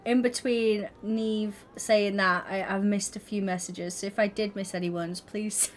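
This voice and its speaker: A woman's voice: mid-range voice, fairly even intonation, unhurried, hardly any pauses. A young woman streaming live, chatting casually with her viewers and constantly breaking into giggles. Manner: giggly, keeps breaking into laughter.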